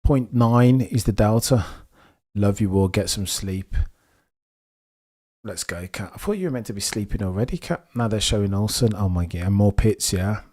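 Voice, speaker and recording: Speaking at normal speed, this young Birmingham livestreamer from England has a low voice and gives casual live commentary over a motor race. Chatty and excitable, he responds to what's happening on track and answers his viewers' messages.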